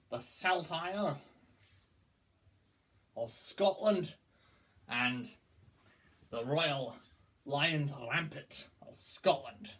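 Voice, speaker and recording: Rambling man with a slightly high voice. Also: a bit bright. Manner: rambling, chatty, full of ums and self-corrections. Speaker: vlogger explaining history. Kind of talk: casual explainer vlog.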